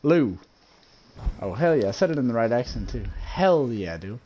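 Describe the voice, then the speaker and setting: Profane, animated man streaming a game. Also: brisk. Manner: profane and exasperated, swinging up and down in pitch. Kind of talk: casual game-stream chatter.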